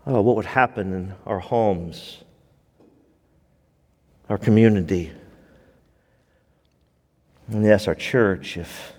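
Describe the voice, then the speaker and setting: A man's voice: fairly low pitch, slow, long pauses, darkish tone, long reverb tail. A man preaching a sermon to his church, moving from teaching into impassioned, pleading prayer. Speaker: pastor.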